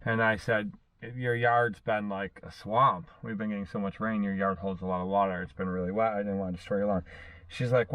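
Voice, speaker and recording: A man's voice: lowish voice, brisk, fairly bright tone. A man who works in lawn care telling a story in a casual, folksy way, acting out both sides of a conversation. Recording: distant mic, faint background noise.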